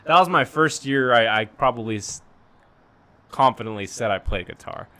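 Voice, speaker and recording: Bright-voiced young man. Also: mid-range voice, lively intonation, moderate pace. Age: young adult. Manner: laughs often, easygoing storyteller. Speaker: podcast guest, musician. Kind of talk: casual chat.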